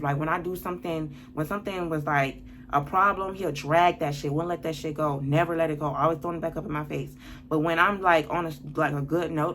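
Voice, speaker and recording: A woman's voice: low voice, a bit bright, slight background noise. Blunt, exasperated woman vlogger. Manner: blunt, exasperated, heavy swearing, slangy. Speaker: lifestyle vlogger. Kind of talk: storytime vlog, reading out text messages.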